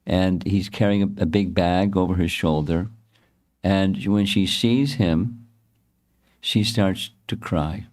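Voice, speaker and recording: A man giving a devotional storytelling lecture as a spiritual teacher, pausing and correcting himself often. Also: sits low, a little mellow. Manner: halting, frequent self-corrections and restarts.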